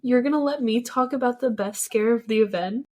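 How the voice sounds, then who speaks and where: A woman's voice: a little high, fairly quick, darkish tone. A young woman co-hosting a podcast, talking eagerly and chattily, often saying like. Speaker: podcast co-host. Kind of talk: casual chat.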